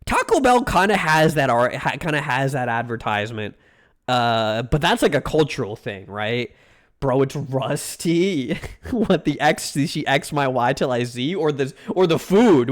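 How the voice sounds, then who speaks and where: A man's voice: a little high, very animated, normal speed. A young man streaming, reacting to food with casual, mock-outraged rants and plenty of swearing.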